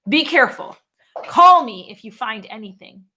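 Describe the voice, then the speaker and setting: A woman's voice: on the high side, animated, moderate pace, pushed and bright, slight background noise. Woman doing a firm small-town lawman.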